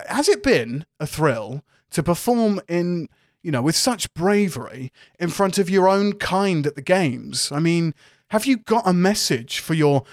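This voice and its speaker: A man's voice: a little high, no echo, studio quality. A man voicing a posh male reporter who stumbles over his pompous questions.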